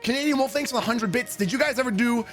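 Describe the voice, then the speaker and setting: High-voiced, joking male game streamer. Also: quick pace, faint music behind. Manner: animated, profane, joking. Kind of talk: casual storytelling and chat with viewers.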